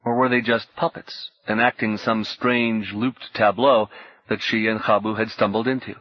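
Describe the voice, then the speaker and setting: Husky guy reading an audiobook, steady pace, dry muffled recording. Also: fairly low pitch, moderate pace, no echo. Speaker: audiobook narrator. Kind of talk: scripted narration.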